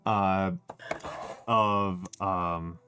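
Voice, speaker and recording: A man's voice: sits low, fairly even intonation, drawn-out words, sharp tone, clean tone, dry recording. A man livestreaming a casual chat, rambling and wry, who restarts his sentences and says he is short on sleep. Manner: rambling and self-interrupting, with many fillers and restarts; wry and joking. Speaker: streamer.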